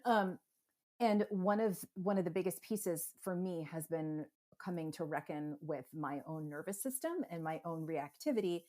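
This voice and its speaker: Animated, low-voiced woman podcast guest. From United States. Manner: animated, acts out parents and children in quick voices. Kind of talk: conversational interview.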